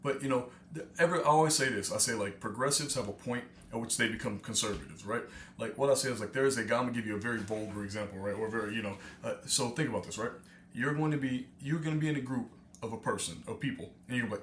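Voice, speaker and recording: A man's voice: medium pitch, quick pace, fairly bright tone. A man talks through casual reaction commentary, wandering with frequent fillers and false starts. His voice sits in a middling range. The room echoes noticeably, with a faint background hiss. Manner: rambling, many fillers and restarts. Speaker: reaction streamer.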